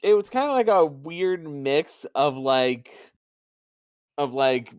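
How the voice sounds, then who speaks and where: A man's voice: on the high side, expressive, slow, dry recording, studio quality. A man co-hosting a podcast, adding wry jokes to a casual wrestling chat. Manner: wry, jokey asides. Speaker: podcast co-host.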